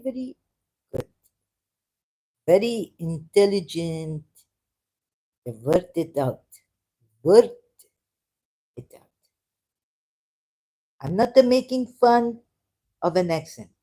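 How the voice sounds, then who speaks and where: Woman, low voice, unhurried, sarcastic, casual screen-reading commentary. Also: animated, dark tone. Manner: sarcastic, mocking. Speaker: video creator.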